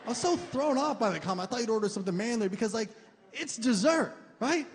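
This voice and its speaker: A young man doing a stand-up routine on a comedy club stage, animated and crude, shouting out his punchlines. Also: extremely high pitch, fast talker. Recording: reverberant club room with faint ambience.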